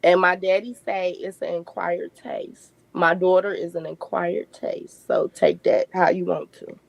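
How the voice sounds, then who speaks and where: A woman, a podcast guest telling lively family stories and laughing often. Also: on the low side, measured pace, gravelly, no room sound, rough recording. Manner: animated storyteller, laughs often. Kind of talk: casual podcast chat.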